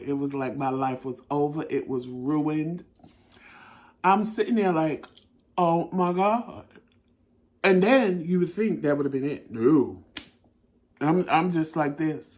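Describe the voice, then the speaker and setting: A man hosting a talk show, telling a story in a casual, animated way and swearing freely. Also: fairly high pitch, a little slow. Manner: animated, swearing, laughing at himself. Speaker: host.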